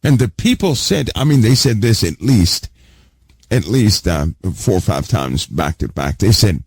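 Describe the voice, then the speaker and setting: Gravelly low-voiced man preaching emphatically. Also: very animated, a little slow, no room sound. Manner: emphatic, repeats key words, asks listeners questions. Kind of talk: Bible teaching sermon.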